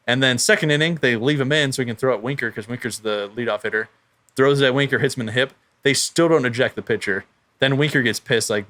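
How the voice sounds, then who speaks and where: A man co-hosting a casual sports podcast, telling the story with a forceful, bright edge. He talks in a worked-up, rapid way and swears freely. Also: medium pitch, fairly even intonation. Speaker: podcast co-host.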